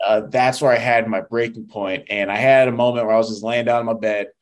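A man's voice: mid-range voice, steady tone, brisk. A young man telling his recovery and faith story as an interview guest, earnest and emotional, with frequent fillers. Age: young adult. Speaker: podcast guest. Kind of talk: testimony in casual interview.

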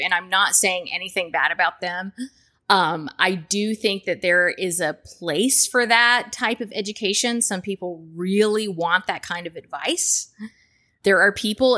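A woman hosts a casual podcast, speaking in a middle-pitched voice. She sounds earnest and reassuring, often restarting her sentences and checking in with her listeners as she goes. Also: sharp tone. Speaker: podcast host.

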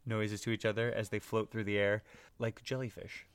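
A man's voice: on the low side, little pitch movement, normal speed, clean tone, dry recording. A man narrating as game master of a tabletop game in a casual, laughing way, with lots of fillers.

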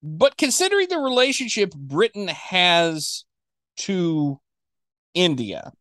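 A man co-hosting a casual podcast chat, animated, acting out characters he quotes. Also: high voice, slow pace, no echo, studio quality. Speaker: podcast co-host.

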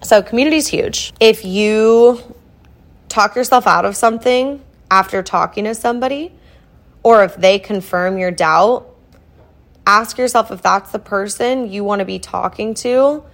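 A woman's voice: mid-range voice, moderate pace. A young woman from Iowa hosting a solo podcast, talking in a casual, earnest, motivational way with lots of "like" fillers. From Iowa, US Midwest. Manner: earnest and chatty, with many "like" fillers. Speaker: podcast host.

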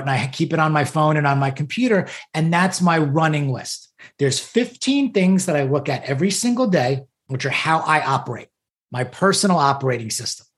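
A man co-hosting a podcast, talking through goals in a casual conversation, enthusiastic and fond of repeating key phrases. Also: fairly high pitch. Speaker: podcast co-host.

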